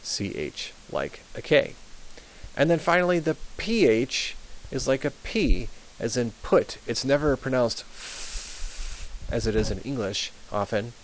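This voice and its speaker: A young adult man teaching a high school Latin pronunciation lesson, patiently repeating words slowly with frequent ums. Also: big pitch swings, a little hiss or hum, low-quality recording.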